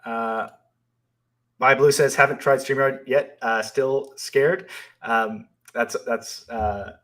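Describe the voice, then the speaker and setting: A man's voice: medium pitch, steady tone, slow, a bit bright. A man co-hosting a live stream, reading viewer questions aloud and answering them in a thoughtful, hesitant way with many fillers. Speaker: co-host and company founder.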